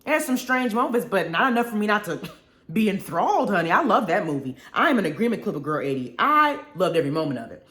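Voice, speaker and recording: A woman's voice: medium pitch, big pitch swings, fast talker, fairly bright tone. A young adult woman hosting a casual live radio show, talking expressively, laughing often and drawling words like honey and y'all. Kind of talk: casual live-stream chat reading viewer comments. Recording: roomy echo.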